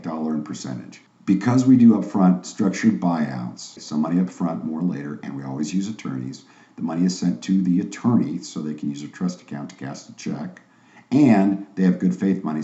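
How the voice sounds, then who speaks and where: Deep-voiced man giving sales training. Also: warm tone. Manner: confident, emphatic, salesy. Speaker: online course instructor. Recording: roomy, slightly dull sound.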